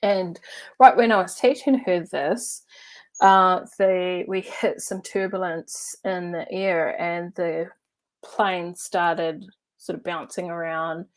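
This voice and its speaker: A woman's voice: on the low side, slow. A woman coach telling a story and teaching in a casual, chatty way, laughing now and then and using lots of fillers. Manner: chatty and animated, laughs while telling stories; loose, with many fillers like "uh" and "like". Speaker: NLP and hypnotherapy coach.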